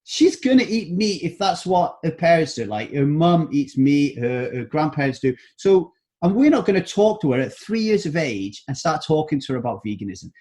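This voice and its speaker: A middle-aged man with a fairly high voice makes his points firmly. He keeps checking that the listener is following him with a quick "right?". He speaks as a guest in a conversational interview. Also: very animated, a little mellow. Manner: emphatic, frequently checks in with "right?".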